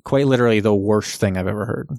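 A man talking in a relaxed, chatty way on a podcast, hedging with "like". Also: on the low side, quick pace, no echo, studio quality. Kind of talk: casual chat.

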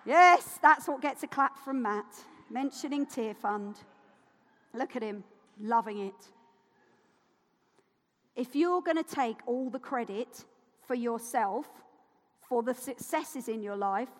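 A high-voiced woman delivers a sermon in a church whose long reverb trails after each phrase. She preaches with rhetorical questions and passion, dropping to soft asides and then rising into forceful indignation. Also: animated, a little slow. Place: church hall.

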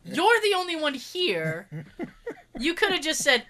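In a casual chat, a young woman tells a funny story with sarcasm and animation, performing each quoted line. Her voice is high-pitched and her pace measured, with slight background noise.

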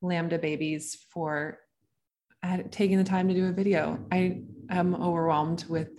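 Lower-voiced effusive woman guest. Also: little pitch movement, measured pace. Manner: warm, effusive, laughs easily. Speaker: podcast guest, actor. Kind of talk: casual chat.

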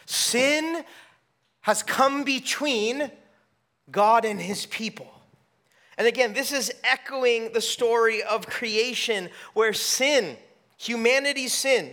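A man preaching a sermon, animated and conversational, acting out dialogue and often restarting his sentences. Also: sits high. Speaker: pastor.

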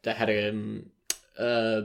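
A man's voice: lowish voice, monotone, slow, creaky. A young Australian man co-hosting a casual chat podcast, rambling with many ums and restarts. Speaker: podcast co-host.

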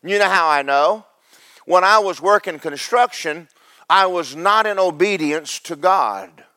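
Male pastor, high voice, dry close mic; fervent sermon with quiet joking asides. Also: lively intonation, unhurried, no echo. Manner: preaches with big swings from loud highs to low asides, joking with the congregation. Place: church sanctuary.

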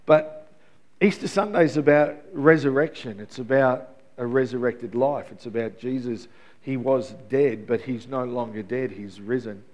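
A man's voice: mid-range voice, moderate pace, a little mellow. Man, middle-aged, pastor, chatty easter sermon, questions to the congregation. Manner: conversational, asks the congregation questions.

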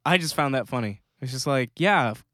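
A man co-hosting a casual podcast chat about comics news, joking and chatty with quick asides. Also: mid-range voice, expressive, pushed and bright, no echo, clean studio sound. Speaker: podcast co-host.

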